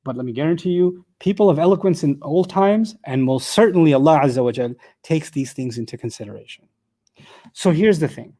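A man's voice: fairly high pitch, expressive, brisk, warm tone. A man teaching a live class, explaining step by step and asking the room rhetorical questions, with joking asides.

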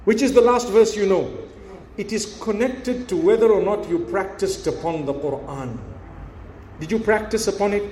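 High-voiced preacher in an echoey hall. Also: male voice, moderate pace, a little mellow, slight background noise. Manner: earnest, encouraging, rhetorical questions, breaks into melodic recitation. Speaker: Islamic preacher. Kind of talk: sermon to a live audience.

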